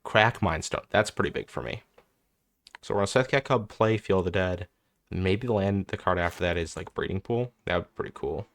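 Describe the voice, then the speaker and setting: A young content creator narrates his card game match in a low but slightly bright voice, animated and fairly quick. He thinks aloud as he plays, swearing and losing patience.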